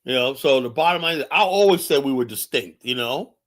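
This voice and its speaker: An animated, brisk man with a mid-range, slightly bright voice hosts a livestream and delivers a heated political monologue. He's profane and combative, repeating phrases as he challenges viewers directly.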